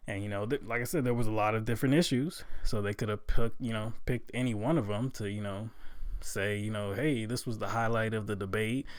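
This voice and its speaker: A man with a fairly low voice talks through political commentary in a casual, filler-heavy way. He climbs into loud disbelief when he gets worked up. The sound is dry and close, with no room around it. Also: steady tone, brisk, no echo. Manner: conversational with many fillers, gets loud and incredulous.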